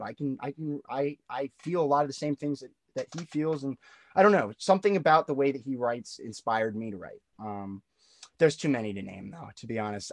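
A man's voice: medium pitch, dry recording. Young man, loose and profane, dry sound. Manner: loose and profane, with many fillers and restarts. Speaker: musician guest. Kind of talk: casual interview chat.

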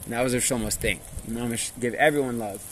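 A man's voice: mid-range voice, brisk, slight background noise. A man teaching a Torah class through stories, in a casual manner that checks in with listeners and drops Hebrew and Yiddish words.

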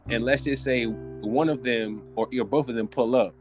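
A man hosting a podcast, ranting in an animated, joking and profane way with lots of restarts. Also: mid-range voice, moderate pace, over music. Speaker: podcast host. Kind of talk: casual comedic podcast chat.

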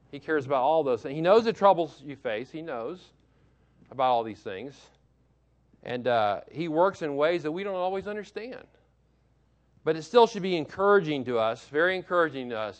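A male pastor preaching a sermon from behind a church pulpit. He reads scripture aloud, asks the congregation questions and repeats key phrases for emphasis. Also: fairly high pitch.

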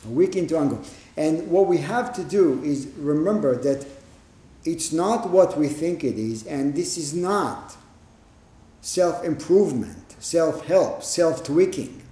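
Man, Zen teacher, dharma talk, emphatic and plain-spoken, mellow slightly high voice, roomy echo. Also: lively intonation. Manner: plain-spoken, emphatic, with pauses and rhetorical questions. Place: meditation hall.

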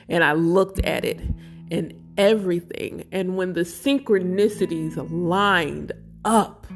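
A woman speaking slowly and emotionally about her spiritual life, close to tears at times. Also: lowish voice. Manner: slow, emotional, searching, near tears. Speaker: spiritual vlogger. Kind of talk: reflective personal talk.

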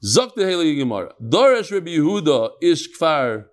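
A man's voice: on the high side, sing-song, moderate pace. Chatty man teaching Talmud. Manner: chatty, jokes and asides to the room; mixes Hebrew and Yiddish terms into English. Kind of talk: live daily Talmud class.

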